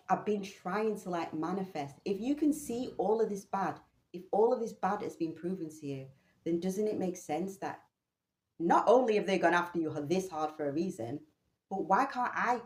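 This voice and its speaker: Low-voiced woman telling a story. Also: echoey room. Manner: animated, swears casually. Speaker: vlogger. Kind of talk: personal storytelling.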